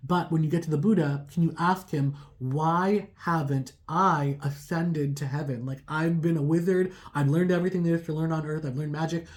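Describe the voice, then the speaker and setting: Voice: mid-range voice, steady tone, normal speed, hardly any pauses, natural voice. A casual storyteller voicing an old male wizard, talking in a plain, everyday way. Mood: yearning.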